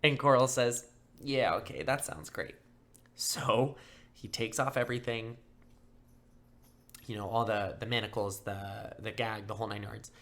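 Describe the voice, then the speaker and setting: Gravelly young man telling a crime story. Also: lowish voice, measured pace, long pauses. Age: young adult. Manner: casual, filler-heavy, acts out quotes in flat mock voices. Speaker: podcast host. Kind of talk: casual true-crime storytelling.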